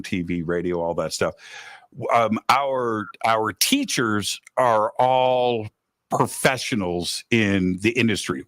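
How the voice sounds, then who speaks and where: A man's voice: fairly low pitch, a bit bright, dry recording, studio quality. A man hosting a radio talk show, emphatic and repeating points for stress. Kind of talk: casual radio chat. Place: Los Angeles.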